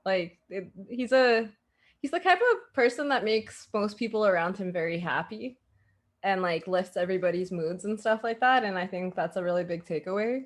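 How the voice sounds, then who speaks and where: A woman's voice: medium pitch, moderate pace. A young woman from Canada chatting casually on a livestream, telling stories animatedly and acting out the voices of people she quotes. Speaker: guest, streamer's best friend.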